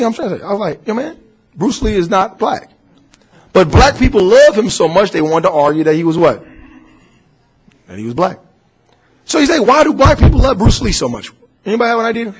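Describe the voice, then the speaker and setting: A man's voice: very high-pitched, a bit bright, husky, poor audio. A man giving an informal religious lecture to a class, asking questions and answering them himself in a conversational way. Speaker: Muslim teacher.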